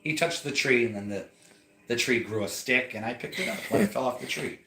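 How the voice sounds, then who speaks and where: A playful, joking man of middle pitch chats casually while showing a collection at home. The room sounds roomy, with faint music playing behind him. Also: brisk, bright, forceful tone. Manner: playful, jokey. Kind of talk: casual livestream chat. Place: house at night.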